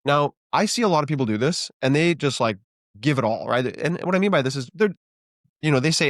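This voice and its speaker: A man's voice: medium pitch, lively intonation, fairly quick, no echo, clean studio sound. A man co-hosting a marriage podcast, explaining steps in casual instructive talk and often checking in with "right?". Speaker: podcast co-host, marriage coach.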